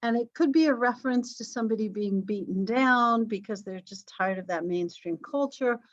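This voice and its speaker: A woman's voice: a little high, normal speed. Lady teacher rambling through an online lecture, lots of ums, kinda muffled lo-fi mic. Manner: chatty and self-deprecating, with frequent ums. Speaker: college history instructor.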